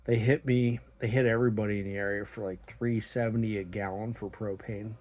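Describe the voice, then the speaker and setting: A middle-aged man telling a story about his small business in a blunt, profane, animated way, acting out the dialogue. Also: fairly low pitch, a little fast. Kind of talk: casual storytelling monologue.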